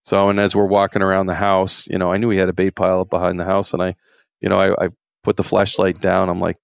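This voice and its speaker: A man's voice: low-pitched, fairly even intonation, quick pace, gravelly, no room sound, clean studio sound. A man, a former game warden, telling stories in a rambling, folksy way with many fillers. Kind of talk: casual storytelling interview.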